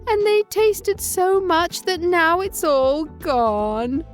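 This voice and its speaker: A woman voicing a small boy bear cub in a squeaky, high-pitched voice, in a storybook reading. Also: slow, soft background music. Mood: upset.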